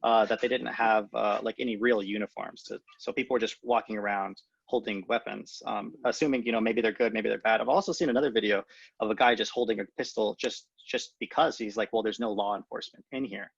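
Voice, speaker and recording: Guy, quick and gravelly, kinda husky, stumbling over his words. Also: fairly low pitch, fairly even intonation, no echo. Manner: quick, halting, restarts words. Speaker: podcast co-host. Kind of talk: casual political discussion. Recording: dull lo-fi sound.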